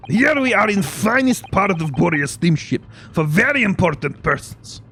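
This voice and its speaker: A man voicing a gruff, burly male sailor who speaks blunt, clipped broken English in a video game playthrough. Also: sits high, sing-song, moderate pace, sharp tone, a little hiss or hum, full character voice.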